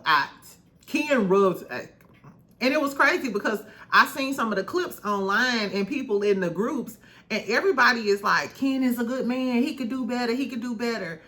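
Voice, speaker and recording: A woman's voice: fairly low pitch, bright, forceful tone. A woman recapping a reality show in casual chat, candid and swearing freely, laughing often.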